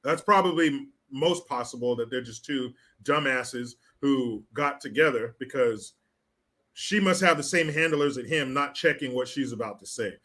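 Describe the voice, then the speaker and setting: Mocking, bright-voiced male live-streamer. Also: mid-range voice, normal speed. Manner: profane, mocking, conversational. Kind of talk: live-stream commentary reading viewer chat.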